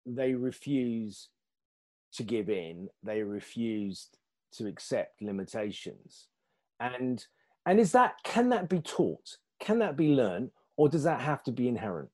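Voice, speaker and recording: A man's voice: mid-range voice, wildly swooping pitch, measured pace, a little mellow, breathy edge. A man hosting a podcast, asking questions in a friendly, chatty way, often stumbling and repeating words. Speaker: podcast host. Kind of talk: casual interview.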